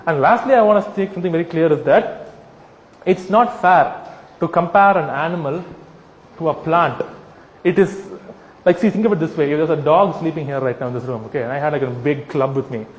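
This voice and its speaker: A man's voice: on the high side, a little fast, roomy sound, in a large hall, low-quality recording. A man addressing a live audience, arguing with rhetorical questions and acted-out scenarios, sometimes mocking voices. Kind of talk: animated persuasive talk with acted-out scenarios.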